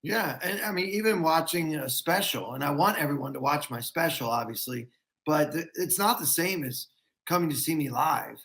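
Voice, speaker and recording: A man, a comedian guest, talks on a casual podcast. His voice sits a little high, and he explains things thoughtfully at a measured pace. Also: fairly bright tone.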